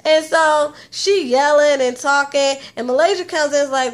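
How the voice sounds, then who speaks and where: A woman's voice: sits high, moderate pace, few pauses. A woman hosting a casual reality TV recap, chatty and blunt, with plenty of slang and swearing. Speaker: TV recap host.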